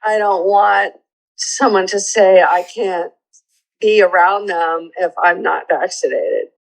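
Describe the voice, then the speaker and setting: Earnest older woman, halting, near tears. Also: on the low side, poor audio. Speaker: mother of the host. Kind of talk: emotional conversation in therapy.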